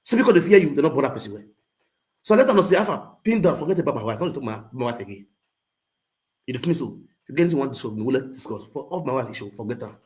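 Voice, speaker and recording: Man, Nigerian Pidgin accent, animated storytelling rant, jumps from loud bursts to low mutters, mid-pitched voice. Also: racing. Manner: swings between loud outbursts and low muttering. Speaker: social media livestreamer.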